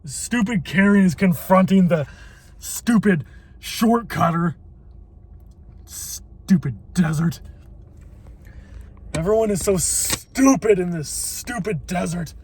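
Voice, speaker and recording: A man's voice: high voice, lively intonation, takes it slowly, pauses often, a little mellow, breathy edge. A man vlogging from his car in a waiting line, grumbling and swearing in irritated rants. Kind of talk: ranting car vlog.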